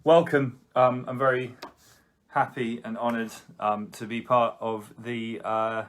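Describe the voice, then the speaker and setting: A man's voice: medium pitch, level tone, unhurried. A man introducing his own live-streamed music set, talking casually from home with lots of ums and uhs. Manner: hesitant, full of ums and uhs, soft-spoken. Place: at home in front of a computer. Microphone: live-streaming setup. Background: guitar.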